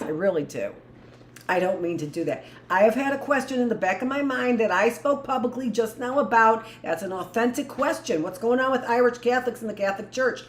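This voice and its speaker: Middle-aged woman teacher reading to her class, rambling blunt asides, echoey room, bit of hiss. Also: mid-range voice. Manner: rambling, blunt asides between read passages. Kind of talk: live book reading with commentary. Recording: echoey room with faint noise.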